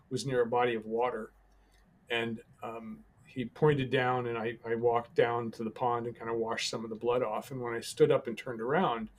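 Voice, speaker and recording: Man guest on a podcast, calm storytelling, lots of pauses and restarts, mid-pitched voice. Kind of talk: personal storytelling in an interview.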